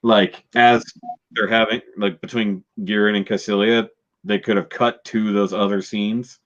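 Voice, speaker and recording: A man's voice: fairly low pitch, flat delivery, unhurried, fairly bright tone. A man hosting a casual review chat, retelling scenes with mocking character voices. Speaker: show host. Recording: dull lo-fi sound.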